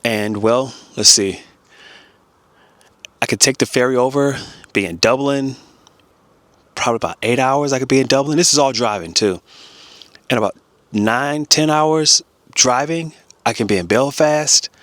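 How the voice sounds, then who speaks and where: A man's voice: medium pitch, a little slow, long pauses, fairly bright tone, no echo. An American man chatting casually in a family travel vlog, repeating words as he thinks aloud. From United States.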